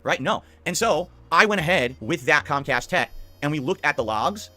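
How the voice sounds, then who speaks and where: A man's voice: fairly high pitch, expressive, moderate pace, bright, forceful tone. A man streamer ranting to his camera, insistent and repetitive.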